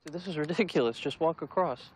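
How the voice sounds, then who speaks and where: An actor playing a mouthy, fast-talking slacker. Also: male voice, fairly high pitch, over music, close to an everyday voice. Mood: pushy. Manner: pushy and argumentative. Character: irreverent, mouthy young slacker. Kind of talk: comedy film scene. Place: city street at night.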